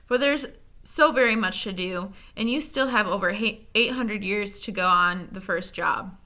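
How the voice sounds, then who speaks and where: A woman's voice: mid-range voice, unhurried. A woman voicing a scheming male demon of petty tasks, snarling and then coaxing. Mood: gloating. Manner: snarling, then soft and wheedling.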